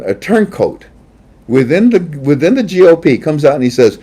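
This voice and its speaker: A man's voice: a little high, very animated, normal speed, dark tone, breathy edge. A man hosting an online talk show, ranting heatedly about politics and mocking his opponents with laughs.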